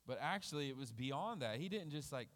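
A man speaks at a middle pitch, preaching in a loose, conversational way. He thinks aloud, circling back and restarting as he explains scripture. His voice rings out with the long reverb of a church hall. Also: expressive, fairly quick, a bit bright. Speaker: lay preacher. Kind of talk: conversational sermon.

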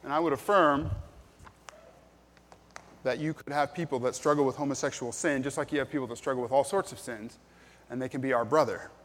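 A man's voice: mid-range voice, brisk, pauses often, a bit bright, in a large hall, slight background noise. A man preaching a sermon as pastor, earnest and plain-spoken, with frequent ums and restarts.

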